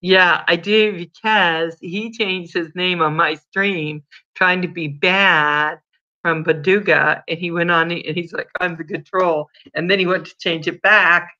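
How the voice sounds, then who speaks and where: A woman's voice: on the low side, steady tone, a little slow, sharp tone, muffled recording. A woman hosting a casual livestream, chatting with viewers by name and telling stories. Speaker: livestream host.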